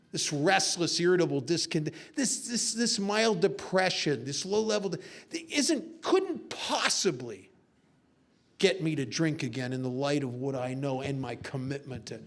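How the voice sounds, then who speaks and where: A man telling his own story at a recovery meeting, his voice sitting a touch higher than most. He talks in an earnest, confessional way, slipping into self-mocking humor as he tells stories. The delivery is heartfelt and unpolished. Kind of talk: personal testimony talk with storytelling.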